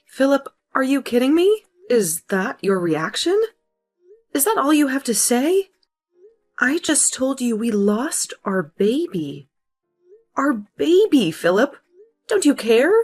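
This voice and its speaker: A woman's voice: high-pitched, sing-song, slow, darkish tone, exaggerated voice. A woman playing a grieving young wife who pleads and accuses in a hurt voice, over faint background music.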